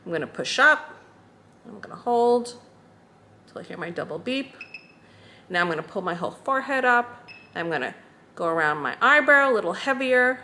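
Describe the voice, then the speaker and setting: Bright-voiced woman demonstrating skincare. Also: mid-range voice, normal speed, long pauses. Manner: calm, talks through each step as she does it. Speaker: skincare instructor. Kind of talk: casual step-by-step demonstration.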